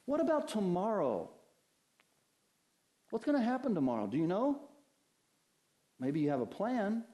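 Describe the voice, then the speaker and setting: Man preaching in a mellow voice. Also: high-pitched, measured pace. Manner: conversational preaching with lively anecdotes and rhetorical questions. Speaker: pastor. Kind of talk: sermon.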